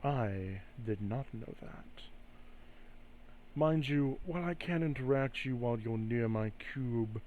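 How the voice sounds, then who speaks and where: A man voicing a scheming spirit bound to a cube that offers deals, speaking slowly and smoothly in a coaxing way. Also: medium pitch, dull audio, slight background noise, close to an everyday voice. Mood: reasoning.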